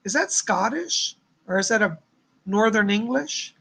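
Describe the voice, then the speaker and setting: This is a man running a live psychic reading session, warmly relaying messages to viewers one after another. His voice carries a gravelly crackle and a breathy, husky texture. He talks in an effusive, rambling way, full of thanks and blessings. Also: high-pitched, animated, a little slow. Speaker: psychic host.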